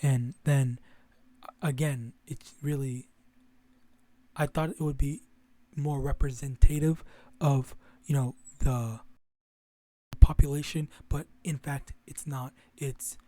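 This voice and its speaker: This young man, a religious vlogger, delivers a casual, rambling monologue to camera, restarting often and swearing now and then. His mid-range voice has a dark tone, fairly even intonation and a slow pace.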